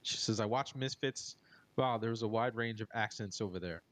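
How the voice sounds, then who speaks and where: A man from the United States with an American accent, hosting a podcast in a relaxed, joking way. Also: lowish voice, normal speed, dry recording. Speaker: podcast host. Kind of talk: casual podcast chat.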